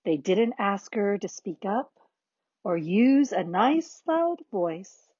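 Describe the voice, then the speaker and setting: A woman slowly reading a children's picture book aloud in a soft, expressive manner. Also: mid-range voice, husky, no echo, lo-fi sound. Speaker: narrator. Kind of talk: slow storybook read-aloud.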